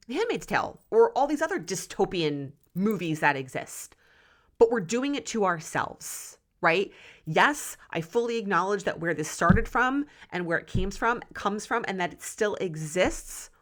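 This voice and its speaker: A woman in her forties hosts a solo podcast, speaking candidly and passionately, swearing freely, and sounding close to tears. Her voice is lowish with a fairly bright tone.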